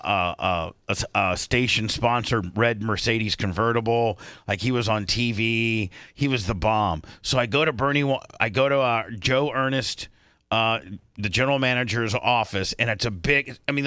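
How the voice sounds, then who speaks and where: A man's voice: mid-range voice, sharp tone, no room sound, studio quality. A man from Indiana, a radio host, telling a long story on a talk show and acting out the other people's lines.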